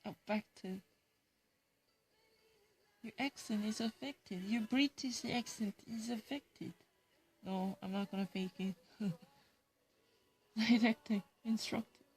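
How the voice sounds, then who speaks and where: A woman's voice: mid-range voice, fairly even intonation, slow, long pauses, breathy edge. A woman with a Korean accent, Korean as her first language, reading English vocabulary words and definitions aloud and explaining them in casual solo study.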